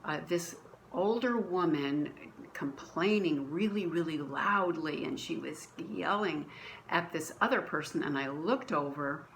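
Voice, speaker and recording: Woman, low voice, church testimony recorded at home, earnest, restarts often, faint hiss. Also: a little slow, vocal fry, a bit bright, low-quality recording. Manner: earnest storytelling with many restarts. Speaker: church member sharing a testimony. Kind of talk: personal faith story, conversational. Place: at home, dining room.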